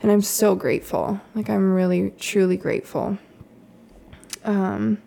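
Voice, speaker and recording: Chatty mother with a gravelly edge. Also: mid-range voice, level tone, measured pace. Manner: chatty, lots of "like" and soft laughs. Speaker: mother sharing a story. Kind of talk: casual storytelling chat.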